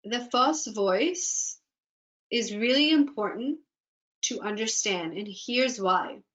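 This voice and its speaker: A woman coach leads a webinar, speaking in a fairly high voice that is earnest and encouraging. She often voices listeners' inner doubts aloud, as if quoting them, over a video call. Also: takes it slowly, fairly bright tone, rough recording. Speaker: business and life coach. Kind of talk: webinar workshop presentation.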